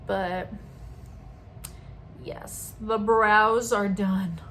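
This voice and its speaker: A woman's voice: mid-range voice, fairly even intonation, very slow, a bit bright, slight background noise. A young woman vlogging at home at night, chatting casually and rambling through asides while she does her makeup close to the camera. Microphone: camera very close to her face.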